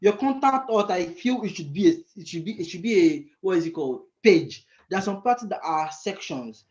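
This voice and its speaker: A man mentoring frontend coders in a live screen-share lesson, thinking aloud and often pausing to search for the right word. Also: sits high, expressive, darkish tone, lo-fi sound.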